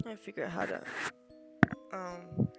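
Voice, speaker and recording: A woman streamer reading a visual novel aloud and reacting expressively, breaking into loud outbursts. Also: fairly low pitch, sing-song, measured pace, creaky, faint music behind.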